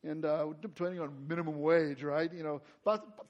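A man preaching a sermon as pastor. He gets louder and higher when stressing a point, then drops to a soft, quiet tone in prayer. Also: steady tone, moderate pace, hardly any pauses.

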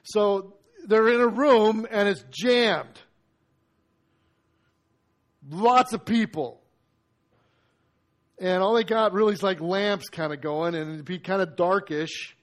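A man preaching a sermon, retelling a scripture story in a lively, conversational way and acting out the lines. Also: sits high.

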